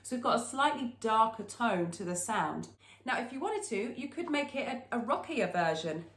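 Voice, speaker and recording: A woman's voice: fairly high pitch, big pitch swings, normal speed, fairly bright tone, reverberant. A woman teaching a singing lesson, explaining technique and breaking into short sung demonstrations.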